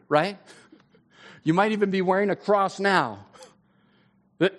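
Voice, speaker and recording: Pastor, male, 30s, fairly high voice, chatty sermon delivery that lifts with excitement. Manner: conversational preaching, rising pitch when excited.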